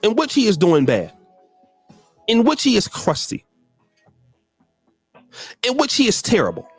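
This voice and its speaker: A man's voice: sits high, huge pitch swings, measured pace, slightly rough, no echo, faint music behind. A man giving emphatic commentary, repeating phrases for effect. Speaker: guest commentator. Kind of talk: animated commentary.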